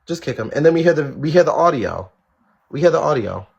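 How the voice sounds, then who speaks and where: A man's voice: a little high, lively intonation, fast talker, gravelly, highs cut off, heavy background noise. A man hosting a live stream, talking straight to his viewers in blunt, outspoken commentary, swearing freely and repeating his points for emphasis. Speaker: live-stream show host.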